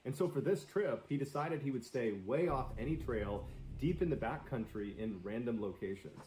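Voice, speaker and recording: A man's voice: medium pitch, expressive, moderate pace, a little mellow, roomy sound, slight background noise, rough recording. A man telling suspenseful stories on a live stream in a dramatic storyteller's delivery.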